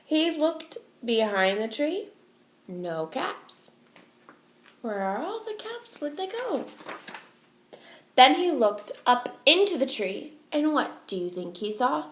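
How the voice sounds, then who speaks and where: Woman teacher, children's story read-aloud, expressive, asks listeners questions, fairly high voice, echoey room. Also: slow pace, a little hiss or hum.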